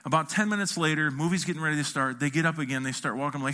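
A man's voice: fairly high pitch, fast, hardly any pauses. A middle-aged man preaching a sermon as a pastor, telling a funny story and acting out the quotes of the people in it. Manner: animated, acts out quotes with a shifting voice.

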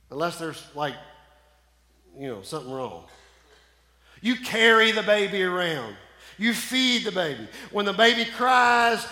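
A pastor preaching a sermon with call-and-response, his voice swinging from loud to hushed, in a church sanctuary. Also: high-pitched. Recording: echoey church hall.

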